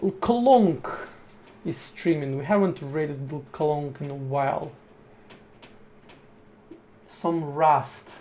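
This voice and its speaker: A man's voice: on the high side, steady tone, slow, pauses often, darkish tone, slight background noise. A man streaming as he programs, chatting casually to his viewers, thinking aloud in short bursts with slang and swearing. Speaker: live-coding streamer. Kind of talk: casual live-stream chat while programming.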